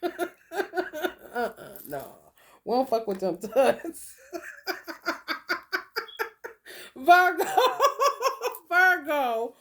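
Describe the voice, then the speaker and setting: Woman doing a chill card reading stream, high voice, swears a lot, laughs all the time. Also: very animated, very slow, pauses often, sharp tone. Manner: profane, laughs often, talks back to her viewers. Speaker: stream host reading oracle cards. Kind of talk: casual livestream chat.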